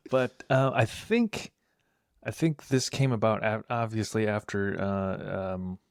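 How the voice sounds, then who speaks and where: A man with a lowish voice co-hosting a casual podcast. He explains at a measured pace, hedging and filling pauses with "uh" and "like." The sound is dry and close to the mic. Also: creaky, dry recording. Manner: hesitant, many fillers, explanatory. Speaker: podcast co-host. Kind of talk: casual chat.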